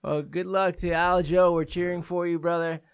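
A man's voice: high voice, flat delivery, normal speed, clean tone, no echo. Easygoing male podcast host, dry sound. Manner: easygoing, asks questions. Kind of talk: casual chat.

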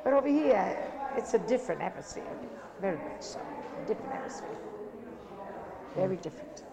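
An older woman from Italy, talking about her past in an interview in a rambling, repetitive, animated way. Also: mid-range voice, a little fast. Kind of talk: casual reminiscing. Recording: crowd chatter behind.

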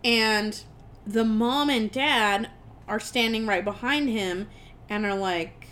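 Young woman podcast co-host, rambling casual movie recap, a touch high-voiced. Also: slow pace, a bit bright, a little hiss or hum. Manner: rambling, swearing, quoting characters in voices.

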